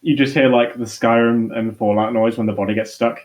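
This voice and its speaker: A tabletop game player making jokes in a relaxed chat with friends. The voice sits at a middling pitch. Thoughts sometimes trail off before they finish. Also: fairly quick, a little hiss or hum. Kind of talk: casual chat among players.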